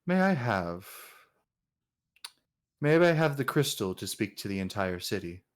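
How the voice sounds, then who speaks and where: A smug usurper king, put on by a man running a tabletop game. He talks down with fake politeness and grand airs. His voice sits low and quiet. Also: sing-song, measured pace. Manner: pompous, mock-polite, lowered voice. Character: smug, pompous male usurper king, sly.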